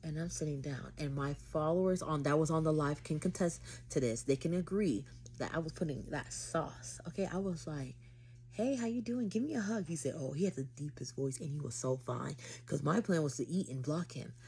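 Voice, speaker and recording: Low-voiced woman telling a dramatic story. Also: fairly quick, a little mellow, a little hiss or hum. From Haiti. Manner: dramatic, chatty retelling with slang. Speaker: vlogger. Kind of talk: casual storytime vlog.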